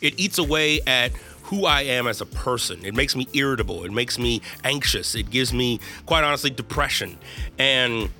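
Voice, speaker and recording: A man hosts a candid, confessional podcast, speaking earnestly and with self-deprecation about his own struggles, using loose slang and lots of "right?" and "y'all." His mid-range voice is animated and sharp at a normal speed, with faint music in the background.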